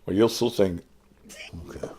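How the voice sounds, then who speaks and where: This older man's voice is lowish, dark, and slightly rough, with fairly even intonation at a normal speed. Hosting an online show, he delivers a profane live-stream rant, cursing, taunting, and mocking commenters crudely and combatively.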